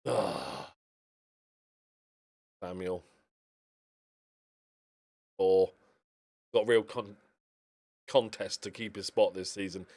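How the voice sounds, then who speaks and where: A man's voice: low voice, fairly even intonation, very slow, pauses often, a little mellow. A man giving chatty let's-play commentary on a football management game, cheering his team on as matches play out, recorded on a desk microphone. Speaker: video game streamer.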